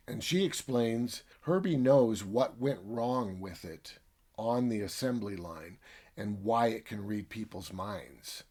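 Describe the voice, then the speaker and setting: A man's voice: on the low side, takes it slowly, darkish tone, slightly rough. Chatty man retelling a story. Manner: chatty, filler-heavy retelling. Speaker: book reviewer.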